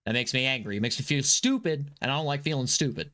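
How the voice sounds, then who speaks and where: A man's voice: medium pitch, animated, fast talker, fairly bright tone. A man talking casually while playing a game, rambling and restarting his sentences, swearing and apologizing because he is frustrated and agitated. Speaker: gaming streamer. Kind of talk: casual live gameplay commentary.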